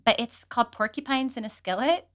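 A woman's voice: fairly high pitch, a little fast, fairly bright tone. A woman co-hosting a podcast, chatting playfully and teasing, with many "like" fillers. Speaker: podcast co-host. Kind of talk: casual chat.

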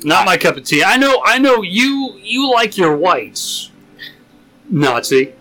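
A man's voice: sits high, big pitch swings, slow, sharp tone, faint music behind, poor audio. A young man chatting casually on a podcast, blunt and joking with crude humor. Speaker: podcast co-host. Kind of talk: casual chat.

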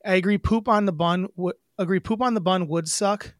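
A man's voice: sits high, fairly quick, no echo, clean studio sound. A man co-hosting a podcast, chatting casually in a joking, playful way. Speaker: podcast co-host. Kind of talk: casual chat.

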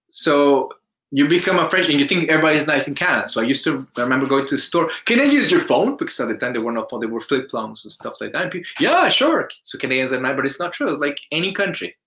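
A man from Colombia with a Colombian Spanish accent, a guest in a casual interview, telling stories in a lively way and acting out quoted voices. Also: mid-range voice, low-quality recording. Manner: animated storyteller, acts out quoted voices, restarts often.

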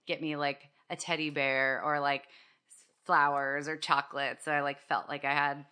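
A woman's voice: sits low, level tone, moderate pace, sharp tone, clean tone. A woman co-hosting a casual talk show, agreeable and a little hesitant, with frequent restarts. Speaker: co-host.

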